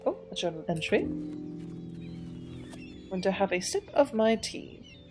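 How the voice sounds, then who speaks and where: A woman narrates her let's play of a story game, chatty and prone to giggles, thinking aloud as she explores. Her voice moves lively up and down, with faint game music under it. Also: mid-range voice, unhurried. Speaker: gaming channel host.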